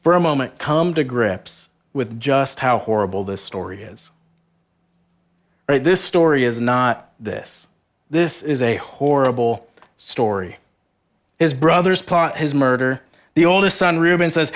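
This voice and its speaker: A young man preaching a sermon at a retreat, first reading scripture and then retelling it in a casual, earnest way, often saying "like" and acting out characters. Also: measured pace. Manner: earnest, conversational, heavy use of "like", acts out characters in a higher voice.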